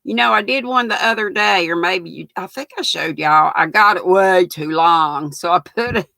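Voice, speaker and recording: A woman's voice: on the low side, normal speed, vocal fry, pushed and bright, dry recording. An older woman, hosting a casual livestream and greeting her viewers by name in a folksy way. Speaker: livestream host.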